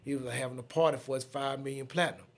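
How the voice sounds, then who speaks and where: A man in his fifties with a Southern US accent, a podcast guest telling a story in a casual, lively way and acting out the other people in it. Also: mid-range voice, fast. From Atlanta, USA.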